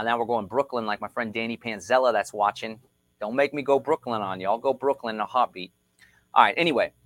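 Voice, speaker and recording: A man's voice: medium pitch, a bit bright. An emphatic man hosting a livestream, with a mid-range voice on a close mic. He repeats his points and keeps checking in with the listener. The sound is dry, with no room echo. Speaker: livestream host. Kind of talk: explanatory livestream talk.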